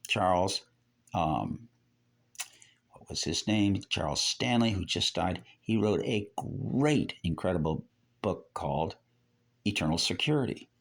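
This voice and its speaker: A man's voice: low voice, expressive, unhurried, gravelly. An older man giving rambling religious teaching. He repeats phrases and keeps correcting himself.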